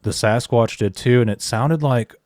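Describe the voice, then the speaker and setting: A man hosting an interview podcast, telling his own field stories in a steady, even way. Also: medium pitch, normal speed, dry recording, clean studio sound. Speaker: podcast host. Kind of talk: casual interview chat.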